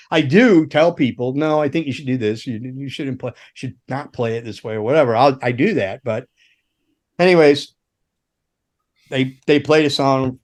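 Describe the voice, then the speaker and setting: A middle-aged man, a former roadie and guitar tech, telling long rambling stories in casual chat, swearing often and laughing along, jumping into sudden high voices to act out the people in them. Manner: rambling, profane, laughs through his stories.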